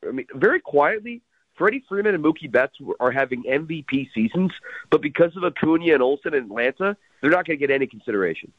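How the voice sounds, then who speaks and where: A man calling in to a sports radio show as a guest, talking baseball quickly and energetically with lots of detail. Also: fairly high pitch, slightly rough, dry recording. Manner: quick, energetic, packed with stats. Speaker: radio host, guest analyst. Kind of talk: sports radio call-in analysis. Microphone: phone. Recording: tinny phone line.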